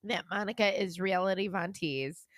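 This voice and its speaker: A woman's voice: mid-range voice, normal speed, no room sound, studio quality. A woman co-hosting a podcast, chatting casually and animatedly, swearing often and acting out quotes. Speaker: podcast co-host. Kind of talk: casual chat recapping reality TV.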